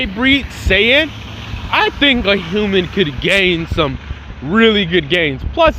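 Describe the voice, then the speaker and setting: A man casually narrating a made-up story in a slangy, animated way, breaking into fight sound effects. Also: sits high, a little hiss or hum. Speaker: fan channel host.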